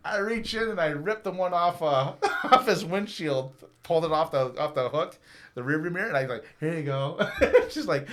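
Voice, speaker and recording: A man's voice: a little high, fairly quick, a bit bright, slight background noise. A man in his fifties telling a long, profane story on a podcast, laughing often and acting out the people in it. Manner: profane, laughing, acts out quoted voices. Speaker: guest storyteller. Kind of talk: casual storytelling.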